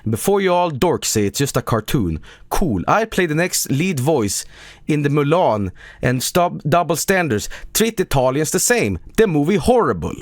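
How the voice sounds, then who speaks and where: A man's voice: a little high, big pitch swings, moderate pace, no echo, clean studio sound, pitched above the performer's own voice. A man reading out an indignant troll movie review in clipped, broken phrasing. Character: angry male troll movie reviewer, blunt.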